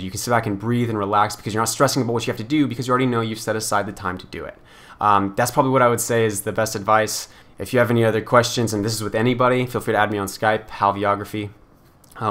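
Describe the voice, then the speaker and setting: A man's voice: on the low side, a bit bright. A young man casually answering viewer questions in a frank, rambling way, with lots of filler words. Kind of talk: casual Q&A vlog chat.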